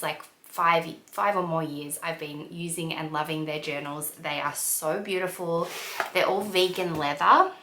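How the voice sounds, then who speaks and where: Excitable woman, bright voice. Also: on the low side, a little hiss or hum. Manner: excitable, talks fast and forgets to breathe. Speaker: lifestyle vlogger. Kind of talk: casual chat to camera. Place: home kitchen, indoors. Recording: roomy echoey room.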